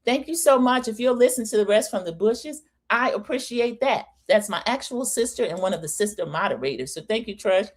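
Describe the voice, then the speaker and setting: A middle-aged woman hosts a live-stream recap in a relaxed, chatty way. She talks right to her viewers and calls out thanks to them by name as she goes. Her voice sits at an ordinary middle pitch. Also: brisk, hardly any pauses. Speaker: host of a live-stream reality-TV recap show.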